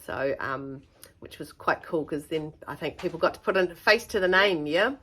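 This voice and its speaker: A middle-aged woman speaks in a slightly low voice. She chats casually and rambles, with self-deprecating humor, while showing off her handmade pieces. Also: expressive, normal speed, bright, forceful tone, slightly rough, poor audio. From New Zealand. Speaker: sewing vlogger.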